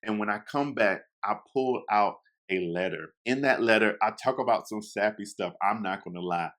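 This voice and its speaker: A young man with a fairly low voice tells a casual story to his listeners. He is chatty and animated, slipping into quoted lines and talking straight to the people listening. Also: moderate pace. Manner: chatty, addresses listeners directly.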